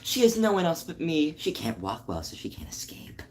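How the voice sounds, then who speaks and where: A man quoting his dub role, a possessive male doctor who built a creature, in a calm, matter-of-fact way. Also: a little high, moderate pace, a little hiss or hum, pitched above the performer's own voice.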